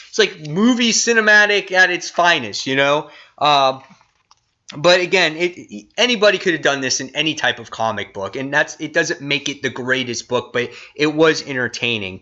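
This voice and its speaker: A man hosting a casual comic review vlog, excitable and rambling. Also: fairly high pitch, lo-fi sound.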